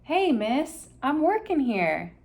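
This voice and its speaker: A woman's voice: a little high, sing-song, normal speed, gravelly, pitched above the performer's own voice. A woman voicing a bustling little honeybee. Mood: busy. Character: busy little male honeybee worker.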